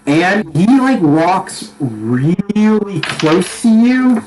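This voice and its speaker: A man's voice: sits high, very animated, extremely slow, darkish tone, a little hiss or hum, low-quality recording. A young man narrating as dungeon master, who laughs often and restarts his sentences. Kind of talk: narrating a tabletop game.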